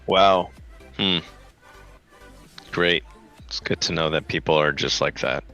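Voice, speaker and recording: A man's voice: slow pace, sharp tone, highs cut off, soft background music. A man in casual chat who swears freely and rants, his voice climbing when he gets worked up. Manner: ranting, swears, pitch jumps up when worked up.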